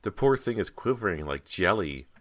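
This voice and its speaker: A man's voice: deep voice, sing-song, normal speed, fairly bright tone, no room sound, voice pushed up, full character voice. A man reading an audiobook voices a cool, condescending actress who shrieks when hurt. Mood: patronizing. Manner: cool and patronizing, then shrieking.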